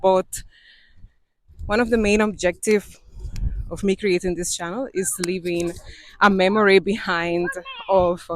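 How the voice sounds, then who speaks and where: Breathy Cuban woman vlogging on a trail. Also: lowish voice. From Cuba. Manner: chatty, laughs often, non-native phrasing. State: out of breath from climbing. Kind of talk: casual walking vlog. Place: mountain trail outdoors.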